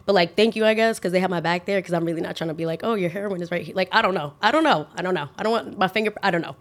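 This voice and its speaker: A woman's voice: on the low side, rapid-fire. A young woman in her twenties hosting a podcast, telling a casual story and acting out the dialogue with lots of "like". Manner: animated, acts out quoted dialogue, heavy use of "like". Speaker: podcast host.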